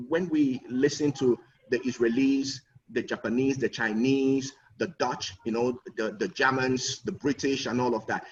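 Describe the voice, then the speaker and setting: A man giving an earnest conference talk as a guest speaker, often repeating words as he builds a point. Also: medium pitch. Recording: distant muffled online audio.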